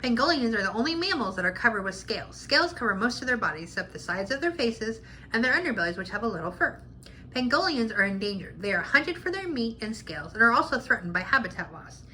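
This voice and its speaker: A woman reading a children's picture book aloud in a clear, cheerful way, sharing animal facts. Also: fairly high pitch, very animated, fast talker, pushed and bright, a little hiss or hum.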